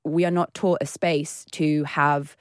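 A young woman co-hosting a casual chat podcast, her voice sitting a little low for a woman. She talks in bursts full of "like" and laughs easily. The sound is close and dry. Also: little pitch movement, a little slow, clear, resonant tone, dry recording. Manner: chatty, laughs often, lots of "like" and acted-out quotes. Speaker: podcast co-host.

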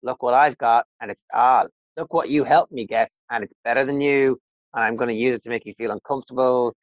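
A man's voice: medium pitch, a little fast, dry recording, highs cut off. A man chatting casually on a podcast about a TV episode, acting out characters' lines in a raised voice and laughing. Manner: animated, acts out quotes in a raised voice, laughs.

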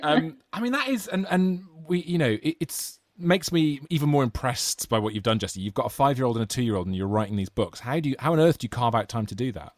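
A British man hosts with playful enthusiasm, joking with his guest. His pitch moves about a great deal, and the recording is dry and close, with no room sound. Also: lively intonation, fast, few pauses, no echo. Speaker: podcast host. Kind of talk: casual interview chat.

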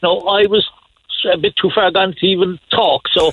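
A man's voice: sits high, fairly even intonation, moderate pace, narrow, tinny audio, background noise. A man calling in to a radio show, rambling through anecdotes with lots of restarts and chuckles. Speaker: caller. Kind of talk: casual anecdotes on a radio phone-in.

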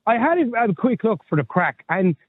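This podcast co-host, a man in his thirties, has a high-pitched, sing-song voice with a breathy edge and speaks at normal speed. He chats casually, rambling and candid, swearing casually. There's no room sound, though the line is tinny and phone-like.

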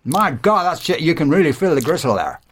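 Male radio host, a bit higher-pitched, chatty and playful; studio mic. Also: very animated, a little fast, fairly bright tone, breathy edge. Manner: chatty, jokey, reads listener messages. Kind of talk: casual radio chat.

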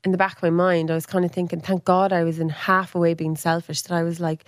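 A woman's voice: level tone, fast talker, no room sound, studio quality. Chatty woman in her thirties. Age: 30s. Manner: chatty, acts out quoted speech with big pitch jumps. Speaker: podcast guest. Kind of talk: casual storytelling.

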